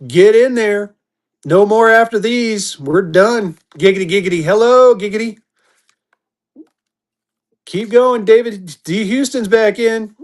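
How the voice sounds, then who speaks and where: On a live auction stream, a man with a drawl and a fairly high voice calls out lots. He talks in quick, hyped bursts, repeating his calls and pushing bidders on.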